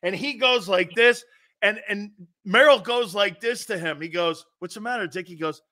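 A male sports talk host with a high, bright, forceful voice. He chats eagerly and laughs along with his guest's stories. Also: normal speed. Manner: enthusiastic, chatty, laughs along.

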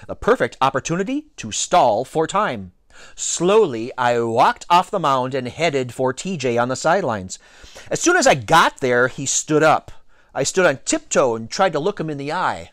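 A man reading a children's novel aloud with expressive storytelling and playful asides. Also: medium pitch, normal speed, no echo, studio quality. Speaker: reader.

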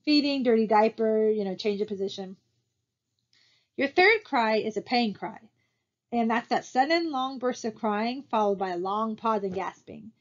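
A woman's voice: on the high side, normal speed, highs cut off. A woman instructor giving a recorded slide lecture, talking conversationally and posing rhetorical questions to her students. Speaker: college instructor.

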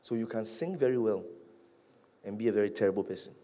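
A male pastor preaching a sermon, animated, rising to loud peaks and dropping to hushed, drawn-out lines. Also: fairly low pitch.

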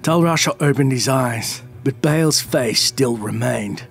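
A man narrating a dark fantasy story in a dramatic, expressive manner. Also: medium pitch, measured pace, creaky. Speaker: lore narrator. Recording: faint background music.

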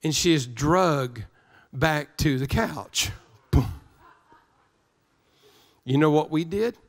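Man, pastor, sermon, emphatic, repetitive phrasing, higher-pitched voice. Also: takes it slowly. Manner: emphatic preaching with repetition and stammered restarts.

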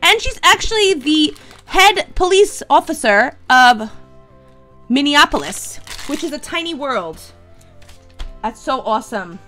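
A woman hosting a toy unboxing video, chatty and excitable, talking straight to her viewers. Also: high voice, a little slow, soft background music. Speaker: toy unboxing channel host. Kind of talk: casual unboxing chat.

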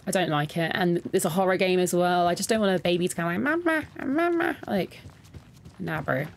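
A woman with a slightly low voice gives casual gameplay commentary, chatting with her viewers and reacting as she goes. She reads in-game notes aloud in an easy, unpolished way. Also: fairly even intonation, fast, gravelly. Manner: talks to her viewers directly. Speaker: gaming content creator. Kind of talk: casual let's-play commentary.

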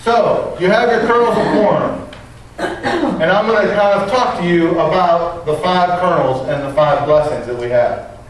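A man's voice: sits high, unhurried, distant mic, slight background noise. Preaching man in an echoey church. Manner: earnest preaching with prayer and scripture reading. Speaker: pastor. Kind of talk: sermon. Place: church sanctuary.

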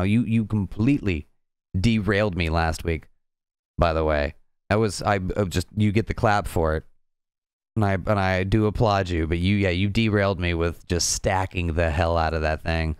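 A man's voice: fairly low pitch, animated, slow, long pauses, darkish tone, smooth, dry recording, clean studio sound. A young man hosting a programming livestream, chatting loosely and bantering with his viewers. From American South. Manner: chatty, rambling, banters with chat. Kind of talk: casual livestream chat.

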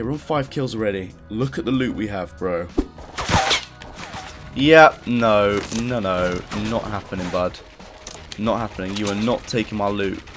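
A young man giving excited live commentary over his gameplay, exclaiming and joking in slang. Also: lowish voice. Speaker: gaming YouTuber.

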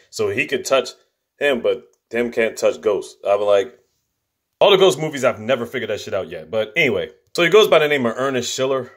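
Fast-talking man recapping a movie. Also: mid-range voice. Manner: slangy, profane, animated retelling. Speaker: movie reviewer.

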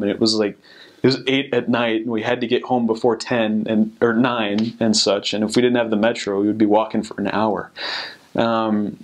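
A young American man who's a returned missionary shares stories and advice in a relaxed, rambling manner. His voice sits lowish, and he uses lots of fillers and restarts.

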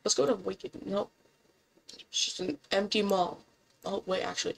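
A woman giving casual gameplay commentary, excitable and incredulous, swearing often and jumping up in pitch when surprised. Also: measured pace, vocal fry, pauses often, rough recording.

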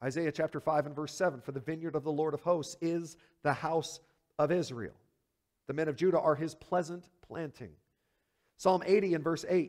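A male pastor delivering a sermon, his voice sitting fairly high for a man. He preaches in an animated, emphatic way, dropping into hushed low asides and then climbing to loud, high peaks. He keeps firing rhetorical questions at the congregation. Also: moderate pace.

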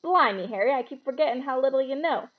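A woman's voice: high voice, expressive, fast, narrow, tinny audio, pitched above the performer's own voice. A woman voicing a big, kindly half-giant groundskeeper man who talks in a hearty, blunt way, read aloud from a storybook.

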